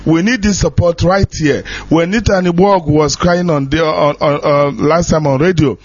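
Man, passionate pleading radio appeal, repeats lines, somewhat higher voice, dull lo-fi sound. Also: steady tone, moderate pace. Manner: pleading, repetitive. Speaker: radio caller from the diaspora. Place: radio studio. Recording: muffled lo-fi radio audio.

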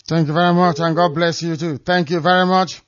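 A man's voice: fairly high pitch, flat delivery, a little fast, no echo, highs cut off. Direct, courteous male radio host. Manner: direct, courteous, prompting callers. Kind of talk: radio call-in hosting.

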